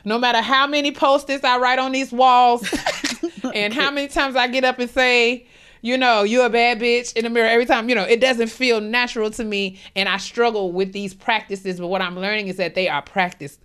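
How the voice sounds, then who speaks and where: A woman's voice: on the high side, fairly even intonation, fairly quick, a bit bright, smooth. A woman co-hosting a podcast, giving candid, rambling advice in slangy casual chat with laughs along the way. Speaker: podcast co-host.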